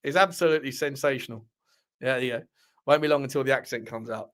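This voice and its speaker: A man's voice: medium pitch, fast, fairly bright tone. A man hosting a casual live chat, rambling, bantering with viewers and laughing often. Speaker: livestream host reading chat.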